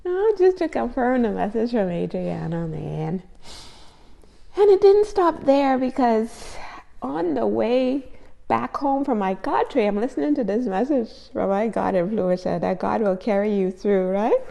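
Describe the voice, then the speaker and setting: A woman with a somewhat high voice that has a gravelly, fry-tinged edge shares her faith with viewers in a casual vlog. She is effusive and emotional and keeps circling back to the same phrases for emphasis. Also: lively intonation, measured pace, dark tone, long reverb tail. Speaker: faith vlogger.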